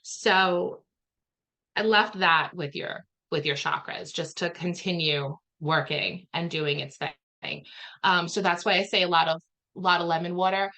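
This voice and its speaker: A woman's voice: lowish voice, unhurried, pushed and bright. A woman healer chatting loosely about a healing session, rambling with lots of "like" fillers. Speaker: spiritual healer guest. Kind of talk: casual chat explaining a healing session.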